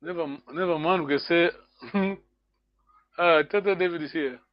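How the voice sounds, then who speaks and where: A man teaching a language lesson over a video call, patiently repeating words slowly and chuckling often. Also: on the high side, no room sound, highs cut off. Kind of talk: live online language lesson.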